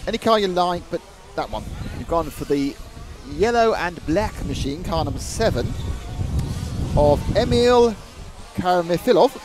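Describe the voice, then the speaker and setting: Man, live race commentator, high lively voice, joking banter, chatty. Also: a little slow. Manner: jokey, chatty, reads viewer comments aloud.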